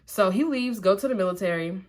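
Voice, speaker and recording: A young woman from Ohio telling a personal story while getting ready, in animated, slangy talk, acting out what people said. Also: medium pitch, brisk. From Columbus, Ohio. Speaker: vlogger.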